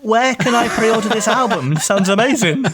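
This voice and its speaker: A man's voice: high-pitched, lively intonation, moderate pace, a bit bright, slight background noise. Cheerful, teasing male podcast guest. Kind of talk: comedic banter.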